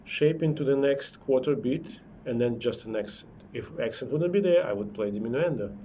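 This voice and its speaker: A man's voice: medium pitch, moderate pace, noisy background. Man giving a corrective piano lesson. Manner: corrective, explains while playing and singing rhythms. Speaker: piano teacher.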